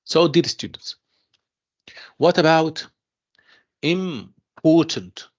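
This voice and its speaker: Male tutor, gravelly voice, patient repetitive teaching, lo-fi online audio. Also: medium pitch. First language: Arabic. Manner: slow, repeats himself, calls students "dear students", mixes in Arabic explanations. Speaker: university English tutor. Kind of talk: online class lecture. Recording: dull lo-fi online class audio.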